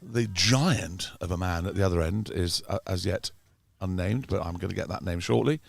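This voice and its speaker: Gravelly club commentator, chatty and teasing, close dry mic. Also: male voice, low voice, normal speed, no echo. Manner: chatty, teasing, gets excited at wickets. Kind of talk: live amateur cricket commentary.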